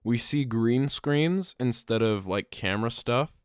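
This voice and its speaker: Young male podcast co-host, animated comic storyteller, slow easy delivery, dry close mic. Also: medium pitch, clean tone, no room sound. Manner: animated, laughs often, breaks into loud yelled bits. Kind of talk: casual comedic storytelling.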